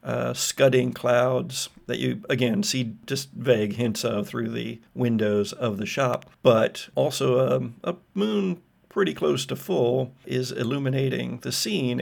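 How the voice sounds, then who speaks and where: A man's voice: mid-range voice, slow pace, creaky. A man narrating vivid scenes as game master of a tabletop role-playing game. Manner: vivid descriptive storytelling.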